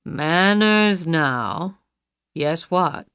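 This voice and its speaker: A woman reading an audiobook, voicing a male kidnapper villain who talks slowly and pleasantly with mocking menace. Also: low-pitched, animated, fairly bright tone, no room sound, studio quality. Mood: taunting. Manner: pleasant, slow, taunting menace.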